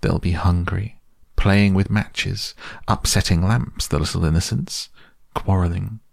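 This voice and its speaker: A man's voice: sits low, fairly even intonation, a little slow, gravelly, no room sound, clean studio sound, heavily acted. A man voicing a boastful male toad disguised as a weeping washerwoman, in a self-pitying wail. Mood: tearful pleading.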